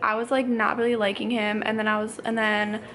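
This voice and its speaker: A woman in her twenties and a young mother, ranting casually to camera in a fast, rambling way full of "like". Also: fairly high pitch, level tone, fairly bright tone. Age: 20s.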